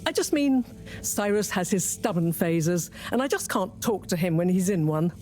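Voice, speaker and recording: An actress playing an exasperated older woman professor in a game, brisk and a bit fussy. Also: fairly low pitch, expressive, darkish tone, lightly acted. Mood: brusque.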